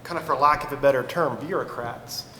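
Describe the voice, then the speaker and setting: A male moderator asking an author questions on stage, in a measured, slightly hesitant way. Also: medium pitch, bright, forceful tone, a little hiss or hum. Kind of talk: live festival interview. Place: large hall at a book festival. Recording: echoey hall with faint ambience.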